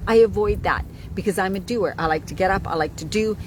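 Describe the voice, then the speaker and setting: A woman's voice: medium pitch, brisk, slight background noise, low-quality recording. A woman in her forties talking casually to camera as a wellness coach, chatty, often checking in with "right?". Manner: chatty, keeps asking "right?". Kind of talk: casual talking-head vlog.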